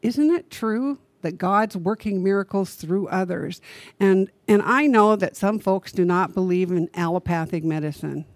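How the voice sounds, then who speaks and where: A woman minister preaching a sermon in a conversational, storytelling way. She asks the congregation rhetorical questions and slows down to stress her key points. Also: medium pitch, no echo.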